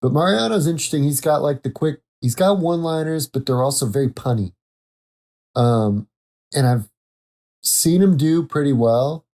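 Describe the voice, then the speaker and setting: Man, podcast host, rambling monologue, mellow dark tone, self-correcting. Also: a little high, moderate pace. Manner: rambling, self-correcting, laughs at own jokes. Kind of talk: casual solo podcast monologue.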